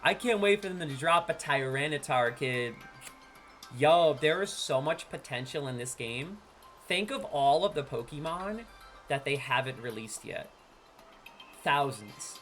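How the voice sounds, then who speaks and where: Swaggering man with a lively, bouncing voice. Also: measured pace, faint music behind. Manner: swaggering hype, trash-talking, jumps from loud shouts to low asides. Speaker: streamer. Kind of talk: casual stream chat while opening card packs.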